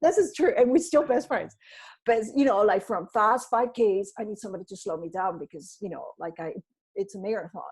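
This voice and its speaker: A middle-aged woman talking as a podcast guest, rambling and animated as she tells her story and acts out what people said to her. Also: mid-range voice, fairly quick, breathy edge. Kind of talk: casual storytelling interview.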